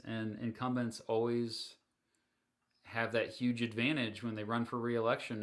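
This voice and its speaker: A man runs a livestream, talking through viewer questions in a loose, chatty way, full of ums and small laughs. His voice has a bright, forceful edge. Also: mid-range voice. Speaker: livestream host. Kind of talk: casual livestream Q&A.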